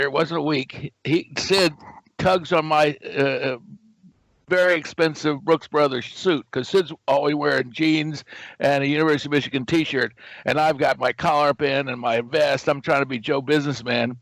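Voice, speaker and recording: A man's voice: fairly high pitch, normal speed, no echo, poor audio. An older American man telling a story as a guest and acting out the lines he quotes. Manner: animated storyteller who acts out quoted dialogue. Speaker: guest, game company founder. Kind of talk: anecdotal storytelling.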